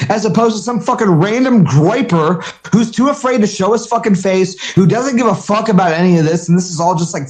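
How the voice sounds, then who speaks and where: A man's voice: fairly high pitch, darkish tone. A man hosting a live audio chat, ranting heatedly with constant swearing. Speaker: host of an audio chat room.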